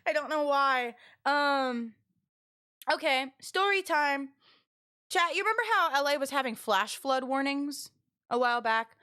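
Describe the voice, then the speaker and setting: Bright high-voiced young woman streamer. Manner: animated, laughing, quick restarts. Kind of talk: casual storytelling to chat.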